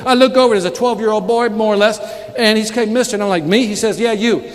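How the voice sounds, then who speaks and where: A man giving a live motivational sales keynote, telling stories with sudden loud outbursts. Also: high-pitched, fast talker. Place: large conference hall with audience. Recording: reverberant hall, audience noise.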